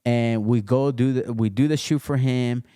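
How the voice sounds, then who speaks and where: A man guest on a casual podcast, telling his story in a relaxed way with many fillers and restarts, recorded at his home studio. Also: medium pitch, normal speed, clean tone, no echo. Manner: laid-back, storytelling with lots of fillers and restarts. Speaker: podcast guest, custom sneaker entrepreneur.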